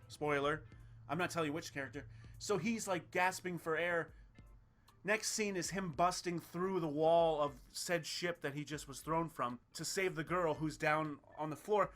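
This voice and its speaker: Young male co-host, bright voice, casual and animated, salty language. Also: fairly high pitch. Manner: animated, swearing, mimics film characters. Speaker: podcast co-host, film reviewer. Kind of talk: casual chat.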